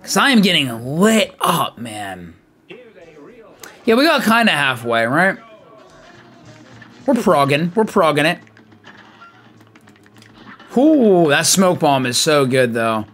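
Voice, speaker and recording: A young man giving lively live commentary on his game, chatty and hyped, greeting viewers by name. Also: a little high, slow, long pauses, soft background music. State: out of breath. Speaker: streamer.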